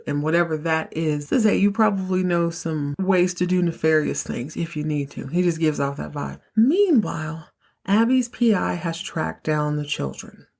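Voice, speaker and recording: A woman hosting a podcast, recapping a TV episode in a casual, animated, opinionated way with lots of slang. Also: low voice, moderate pace, creaky. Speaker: podcast host.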